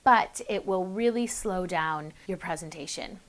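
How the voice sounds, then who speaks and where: A young woman giving public speaking tips straight to camera, in a chatty, upbeat way with quick bursts and self-aware asides. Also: fairly low pitch. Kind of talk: casual to-camera tips video.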